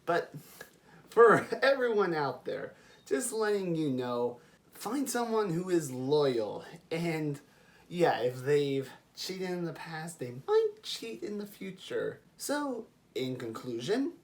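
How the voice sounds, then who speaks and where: In a higher-leaning voice and at a slow pace, a young adult man shares a personal anecdote for his vlog. He's animated and conversational, breaking into laughs along the way.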